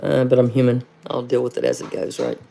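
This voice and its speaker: A woman's voice: a bass voice, monotone, fairly quick, creaky, mellow, a little hiss or hum. A middle-aged woman, hosting a casual livestream, rambling and chatty, calling viewers honey and firing off rhetorical questions. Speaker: livestream host.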